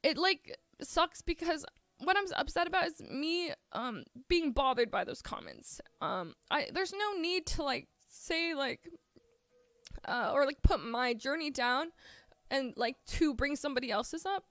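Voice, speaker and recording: A tearful woman streamer talking to her chat, halting and full of fillers. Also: high-pitched, animated, a bit bright, no echo. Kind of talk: emotional talk to chat.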